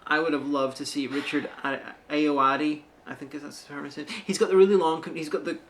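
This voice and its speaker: A man co-hosting a film review show in casual chat, dry and halting with asides. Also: fairly high pitch, fairly even intonation, fairly bright tone.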